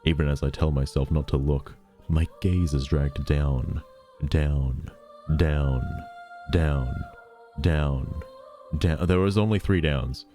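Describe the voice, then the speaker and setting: A man's voice: very deep voice, takes it slowly, dark tone, soft background music. A man casually reading a novel aloud, breaking off for irreverent, profane asides. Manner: irreverent, swears, breaks off to joke.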